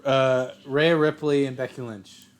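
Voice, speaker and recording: A man's voice: medium pitch, steady tone, a little slow. A man co-hosting a podcast, talking casually around a table with blunt, dry jokes and frequent swearing. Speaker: podcast co-host. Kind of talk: casual wrestling chat.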